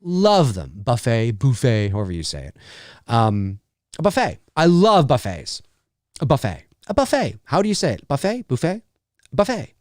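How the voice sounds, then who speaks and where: A man's voice: medium pitch, wildly swooping pitch, moderate pace, no room sound, studio quality. A man in his thirties hosting a casual livestream, rambling and laughing as he answers viewer questions. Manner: rambling, laughs often, restarts lines. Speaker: livestream host. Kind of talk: casual live chat.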